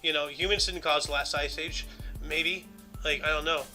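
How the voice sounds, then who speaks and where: A man's voice: on the high side, fairly even intonation, normal speed, bright, forceful tone, faint music behind. A man co-hosting a casual news-commentary podcast, rambling with lots of "you know" and "like" fillers. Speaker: podcast co-host.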